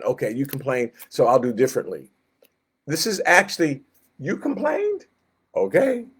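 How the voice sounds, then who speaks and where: A man leads a Sunday school Bible lesson, talking casually and animatedly. He reads the verses aloud and jumps into short acted-out lines. His pitch sits in an ordinary middle range. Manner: conversational, animated, acts out quoted lines with laughs. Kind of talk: Bible study teaching.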